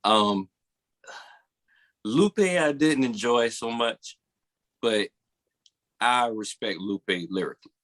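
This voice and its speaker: A man's voice: mid-range voice, animated, slow, long pauses, fairly bright tone. A man co-hosting a podcast in casual chat, rambling and restarting his thoughts. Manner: rambling, restarts, hedging with "or whatever". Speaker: podcast co-host.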